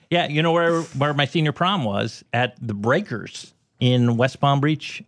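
A man's voice: mid-range voice, no room sound, clean studio sound. Man explaining in eager restarts. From United States. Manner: animated, explains in quick restarts. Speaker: comedian guest. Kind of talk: casual podcast chat.

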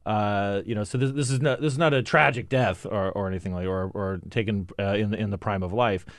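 A man's voice: lowish voice, fairly even intonation, dry recording. A man guest-hosting a political talk show in the studio, chatting casually with lots of restarts and fillers. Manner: halting, many restarts and fillers. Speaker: guest host. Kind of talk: casual podcast chat. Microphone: studio mic.

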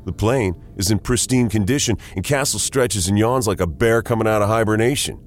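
A man with a very low voice tells a first-person story in a scripted, dramatic way. His delivery grows tense and urgent, with a faint background hum. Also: fairly quick. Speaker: narrator.

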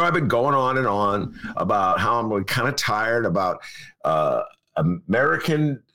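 Older male podcast host, animated pitch, rambling and emphatic chat. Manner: rambling, emphatic, repeats himself. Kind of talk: casual chat.

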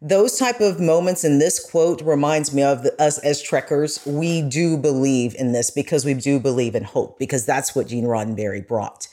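A woman's voice: a bass voice, moderate pace, hardly any pauses, warm tone. A woman journalist, a podcast guest, talking earnestly and with feeling in casual conversation. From United States. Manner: earnest, growing emotional.

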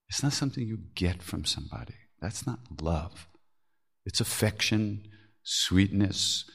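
An older man with a fairly low, creaky voice hosts a podcast, sharing spiritual stories in a candid, reflective way. He laughs often and swears casually as he talks.

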